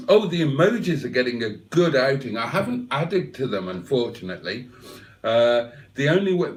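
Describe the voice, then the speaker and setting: A man's voice: medium pitch, recorded from a distance. A man hosting a casual livestream, joking as he reads out viewer comments. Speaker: livestream host.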